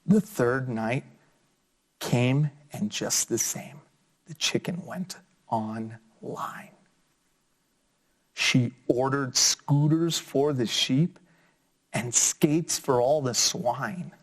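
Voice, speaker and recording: A man reading a children's picture book aloud for a class lesson. He talks slowly and leaps high in pitch on the playful sound words. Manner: expressive storybook reading with big pitch jumps on sound words.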